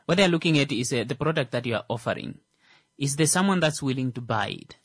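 A man's voice: medium pitch, lively intonation, quick pace, a bit bright, breathy edge, no echo. A man co-hosting a radio talk show, a stand-up comedian who stumbles over repeated fillers before making his point.

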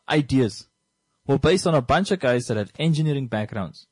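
A man's voice: medium pitch, normal speed, no room sound, rough recording. A man from Namibia co-hosting a radio talk show, speaking with passion and emphasis. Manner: passionate, emphatic, lively delivery.

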